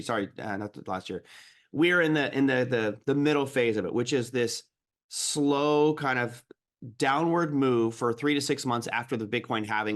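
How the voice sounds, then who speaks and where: Animated man talking trading. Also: medium pitch. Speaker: guest trader. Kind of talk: casual market discussion.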